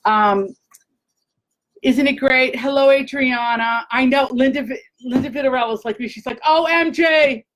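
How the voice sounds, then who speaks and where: Gushing excitable woman host. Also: high-pitched, moderate pace, poor audio. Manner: gushing, excitable, talks to viewers. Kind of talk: casual live chat.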